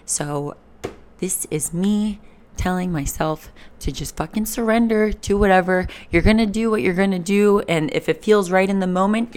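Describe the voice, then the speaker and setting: A young woman in her twenties talking candidly in a personal vlog, rambling and emotional, swearing freely. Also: mid-range voice. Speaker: vlogger. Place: Fort Lauderdale, Florida. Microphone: camera mic.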